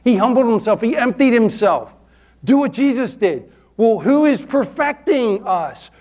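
A man's voice: very high voice, animated, unhurried, a little mellow. A man pastor preaching a folksy, emphatic sermon to his congregation in a church, repeating words for stress and asking for amens. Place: church sanctuary.

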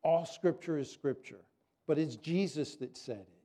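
Preaching to his flock, this pastor speaks with earnest animation and sometimes sinks into quiet prayer. His voice sits on the high side, and his pace is moderate.

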